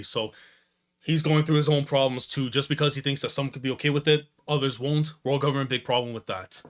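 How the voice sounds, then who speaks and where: A young man reacting to a manga chapter, excitable and slangy, jumping between loud outbursts and low mutters. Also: a little fast. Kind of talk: animated reaction commentary.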